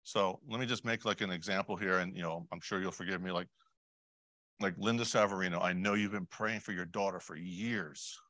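A man preaching a sermon in a conversational way, putting questions to the congregation, adding asides and clearing his throat often. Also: deep voice, steady tone, fairly quick, bright, forceful tone, no echo. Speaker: lay preacher.

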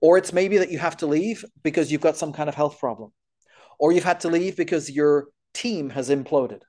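A man's voice: fairly high pitch, moderate pace, darkish tone. Earnest man giving a church talk. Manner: earnest, explanatory, lists points. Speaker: speaker on missionary care.

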